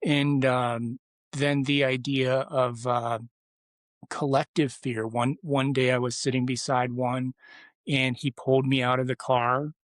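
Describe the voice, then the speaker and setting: A man's voice: medium pitch, level tone, measured pace, no echo. Man rambling through a story, dry sound. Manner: rambling, with many restarts and fillers. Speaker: podcast guest. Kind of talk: storytelling in casual conversation.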